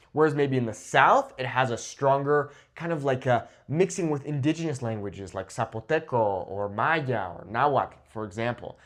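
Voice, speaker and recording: A man who teaches Spanish, talking to camera in a lively, informal way, often checking in with "okay?" and "right?". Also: medium pitch.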